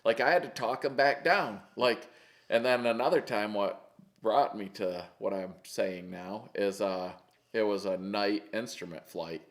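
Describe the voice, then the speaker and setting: A man casually telling stories about flying, animated and folksy, acting out the people he quotes. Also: on the low side, measured pace. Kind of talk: casual storytelling chat.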